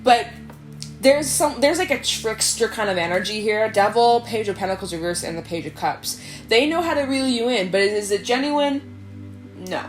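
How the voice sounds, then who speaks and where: A woman's voice: fairly high pitch, moderate pace. A woman giving a casual, chatty tarot reading to camera, laughing often and calling her viewers "y'all". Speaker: tarot reader. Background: soft background music.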